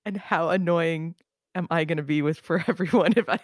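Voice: medium pitch, fairly quick, no echo, studio quality. A podcast co-host chatting casually, joking and playful.

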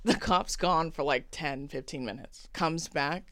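A woman's voice: deep voice, unhurried, fairly bright tone, dry recording, clean studio sound. A young woman co-hosting a podcast, casually telling a story, acting out quotes and laughing often. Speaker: podcast co-host.

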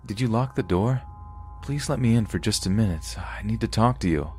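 A man's voice: lowish voice, lively intonation, normal speed, a little mellow, husky, faint music behind, voice pushed up. A man voicing a creepy man who whispers insistent pleas. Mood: pleading. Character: creepy pleading man whispering through a door.

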